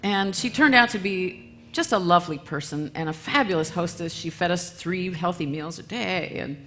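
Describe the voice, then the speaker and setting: A woman giving a church talk, telling a story in a lively, self-mocking way with frequent laughs. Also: fairly low pitch, normal speed. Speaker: guest speaker and musician.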